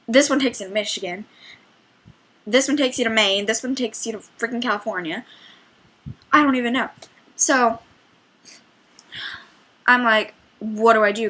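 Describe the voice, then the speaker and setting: In a storytelling vlog, a young woman who works as a trail guide chattily retells a trail ride, rambling along with many quoted back-and-forth exchanges. Her voice is fairly high and a bit bright, and the recording is rough.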